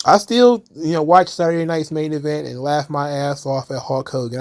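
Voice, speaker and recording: A man's voice: fairly high pitch, a little mellow. A man hosting a commentary channel, talking casually in a sarcastic, profane way and laughing at his own jokes.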